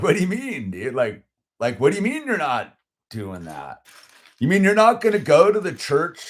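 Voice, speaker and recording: A middle-aged man telling a story in casual chat, animated and heated, with lots of "dude" and "like" and many restarts. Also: medium pitch. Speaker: channel host.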